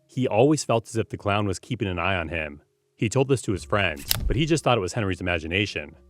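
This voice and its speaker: Man, very deep voice, scripted horror narration, faint music behind.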